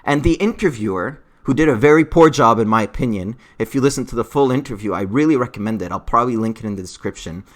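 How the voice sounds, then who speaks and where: A man's voice: medium pitch, expressive, quick pace, hardly any pauses. A man giving an unscripted, emotional opinion rant about hockey, growing heated. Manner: heated, emotional, rising to shouting. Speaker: hockey commentary vlogger.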